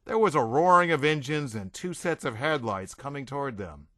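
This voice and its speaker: A man reading a comic audiobook in a wry storytelling voice. His tone is bright and forceful with a lively pitch, recorded close and dry. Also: moderate pace, no echo. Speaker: audiobook reader. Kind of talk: comedic audiobook narration.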